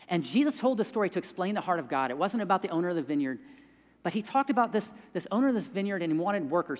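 A man telling a story in a sermon, dropping to hushed tones in quiet moments and rising when he stresses a point. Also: sits high. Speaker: pastor. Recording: long hall reverb.

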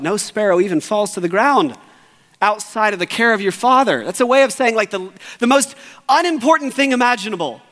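A man with a notably high voice preaches to his congregation from the pulpit. His delivery is earnest, dropping to hushed quiet moments and climbing back to urgent emphasis. The sound rings with a long reverb from the church sanctuary. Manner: earnest, swings from hushed and low to raised and urgent. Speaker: pastor. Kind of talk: sermon.

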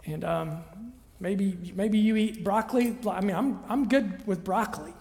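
A man's voice: high-pitched, unhurried, gravelly, darkish tone. A man preaching a conversational sermon as pastor, often checking in with his listeners. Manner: chatty, checks in with listeners by asking "right?". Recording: long reverb of a large hall.

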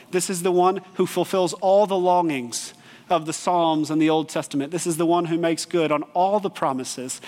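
A man giving a sermon as pastor, earnest and lively, with bursts of animated storytelling. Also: on the high side, in a large hall.

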